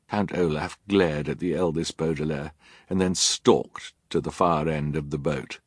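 Male audiobook narrator, very low and husky, dry wry delivery, close dead sound. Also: fairly even intonation, measured pace, no room sound.

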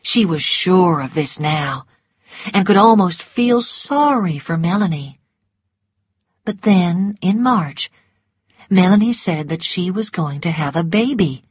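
Slow, husky woman narrating a story. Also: on the low side, expressive, dry recording, clean studio sound. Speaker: audiobook narrator.

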